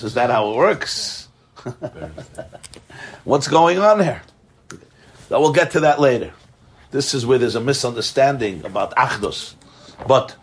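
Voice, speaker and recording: A man's voice: medium pitch, slightly rough. A man teaching a Torah class, explaining ideas animatedly, chuckling often and mixing in Hebrew terms.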